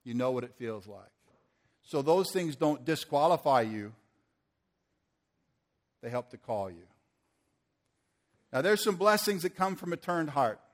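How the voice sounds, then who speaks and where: A man's voice: a little high, lively intonation, a little slow, long pauses. An older man preaching a sermon to a church audience, earnest and asking the room questions.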